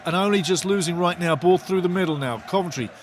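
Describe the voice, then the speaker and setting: A man giving live, partisan football commentary as host of a watch-along stream. He talks in a fairly high voice, swings between calm analysis and excited outbursts, and keeps turning to his viewers. A faint noise hums behind him. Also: fast.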